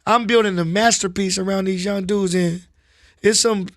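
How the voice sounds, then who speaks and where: A man talking casually in an interview, relaxed and slangy, often saying "you know what I'm saying.". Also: high-pitched, normal speed, no echo, studio quality. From Los Angeles, US. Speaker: rapper guest. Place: studio.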